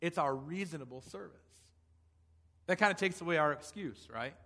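A man's voice: on the high side, moderate pace, bright, forceful tone. A male pastor preaching a sermon, emphatic, asking rhetorical questions and restarting phrases as he goes. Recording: long hall reverb.

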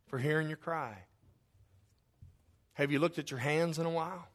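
A man's voice: on the high side, normal speed, pauses often, a bit bright. A man preaching a fervent sermon in a church sanctuary, as the pastor, with much repetition.

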